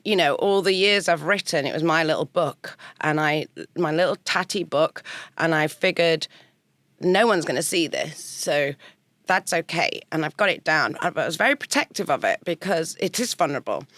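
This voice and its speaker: A woman's voice: sits low, no room sound. A woman guest on a podcast, telling her story in a chatty way and acting out her own past conversations. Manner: animated, acts out her own past dialogue. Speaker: guest songwriter. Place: podcast studio.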